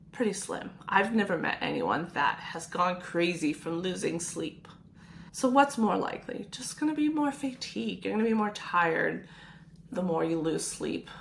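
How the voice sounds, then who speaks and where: Gentle reassuring woman nurse. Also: on the low side, expressive, moderate pace, creaky, slight background noise. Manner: gentle, reassuring, candid about her own struggles. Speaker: registered nurse sharing sleep advice. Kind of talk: personal advice talk to camera.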